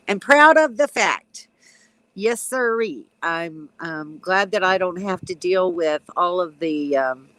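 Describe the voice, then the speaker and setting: A woman in her sixties, a retired nurse, chatting casually on a live stream from her backyard, with a stuffy, runny nose, clearing her throat and chuckling. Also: fairly low pitch, fairly bright tone, dry recording, poor audio. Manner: chatty, reads out comments, frequent ums and chuckles.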